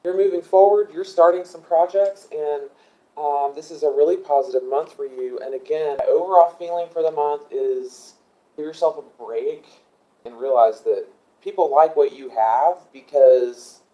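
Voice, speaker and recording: A man's voice: on the high side, normal speed, warm tone, lo-fi sound. A man doing a casual tarot reading, thinking aloud with many ums and asking angels for guidance as he goes. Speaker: tarot reader.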